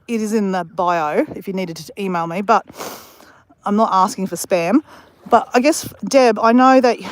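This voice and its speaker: A woman's voice: mid-range voice, dry recording. A woman hosting a casual livestream from outdoors near a beach, telling rambling stories and talking straight to her viewers. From Australia. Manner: rambling, storytelling, addresses her chat viewers directly. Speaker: livestream host. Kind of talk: casual live-stream chat.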